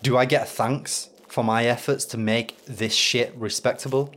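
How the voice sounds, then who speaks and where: A man with an English accent hosting a podcast, delivering a bitter, deadpan comic monologue. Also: mid-range voice, measured pace, hardly any pauses, a little hiss or hum. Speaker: podcast host. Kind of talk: sardonic comedic monologue.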